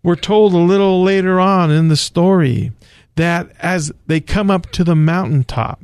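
A man's voice: high voice, measured pace, darkish tone, smooth, no room sound. A man hosting a radio show, retelling scripture stories in an earnest, storytelling way. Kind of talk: slow radio Bible teaching.

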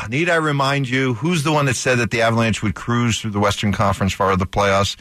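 A man's voice: medium pitch, brisk, a bit bright, no room sound. A man hosting a sports radio show, bantering and teasing his co-host in casual chat on a studio microphone.

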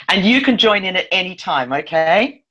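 A woman's voice: fairly low pitch, sharp tone, breathy edge, highs cut off. A woman co-hosting a casual political chat, blunt and teasing with a wry edge. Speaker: podcast co-host.

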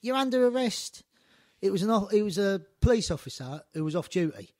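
A man telling lively stories in casual chat, acting out quotes, swearing and laughing. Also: sits high, fast talker. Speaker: podcast guest storyteller.

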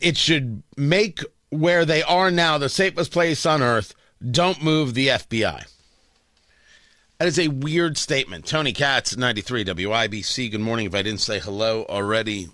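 A middle-aged man hosting a talk radio show, delivering a sarcastic, combative monologue that swings from low mutters to loud mocking outbursts into a studio mic. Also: normal speed, no room sound. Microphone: studio broadcast mic.

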